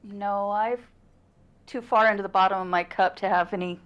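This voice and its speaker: A woman's voice: medium pitch, fairly even intonation, moderate pace, lo-fi sound. Chatty woman co-host, laughs easily. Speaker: producer and co-host. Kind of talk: casual livestream chat.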